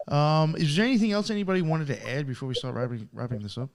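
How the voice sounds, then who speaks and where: A man's voice: fairly high pitch, gravelly. A man hosting a podcast over a video call, politely wrapping up and passing the turn to each guest. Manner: brisk, polite, directing turns. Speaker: podcast host.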